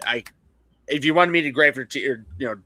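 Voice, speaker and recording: A man's voice: mid-range voice, fairly quick, pushed and bright, a little hiss or hum. A man co-hosting a casual live stream, crude and teasing, laughing often. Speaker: co-host.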